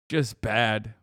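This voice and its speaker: A man streaming live, reacting to clips with profane, mocking, animated commentary. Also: on the low side, dry recording, studio quality. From United States.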